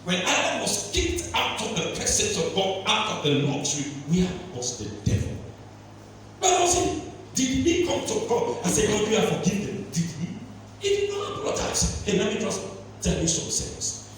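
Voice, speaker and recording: A man from Leone, preaching a sermon and firing off rhetorical questions that climb into shouts. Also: high voice, sing-song, moderate pace, a little hiss or hum. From Sierra Leone. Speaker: pastor. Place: large church hall. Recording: echoey church hall, distant mic.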